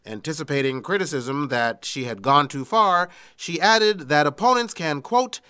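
A man hosting a comedy news roundup podcast, reading odd stories and dropping wry deadpan asides. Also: fairly high pitch, measured pace, hardly any pauses, smooth. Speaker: podcast host.

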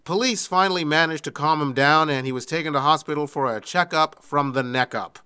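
A man hosting a comedy news roundup podcast, reading odd stories and dropping wry deadpan asides. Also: a little high, fairly quick, clear, resonant tone. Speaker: podcast host.

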